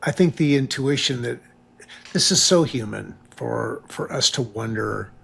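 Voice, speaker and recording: A man's voice: mid-range voice, lively intonation, measured pace, gravelly, fairly bright tone, a little hiss or hum. An older man co-hosting a casual recap podcast, thinking aloud in a reflective way with frequent restarts. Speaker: podcast co-host.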